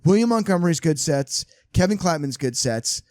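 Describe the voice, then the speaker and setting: A man's voice: fairly high pitch, lively intonation, moderate pace, a little mellow, no echo, clean studio sound. A man who is a guest on a podcast, talking casually in a rambling way, with many restarts.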